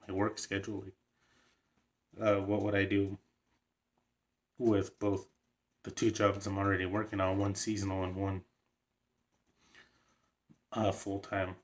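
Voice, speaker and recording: Low, flat-voiced young man vlogging. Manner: rambling, frequent "like" fillers, excited laughs. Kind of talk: casual vlog storytelling.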